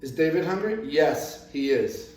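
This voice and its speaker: A man teaching an English grammar lesson in a classroom, speaking slowly, repeating phrases and moving around as he explains. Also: on the high side, animated, darkish tone, far from the mic. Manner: slow, repeats phrases, moves around the room. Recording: echoey room, voice from away from the mic.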